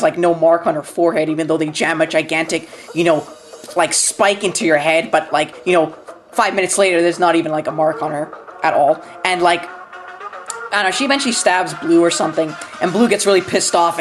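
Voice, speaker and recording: A young adult woman with a fairly low voice rants through a casual movie review, rambling with endless "like"s and restarts, swearing freely, and laughing between points. The recording is rough, with a little hiss or hum.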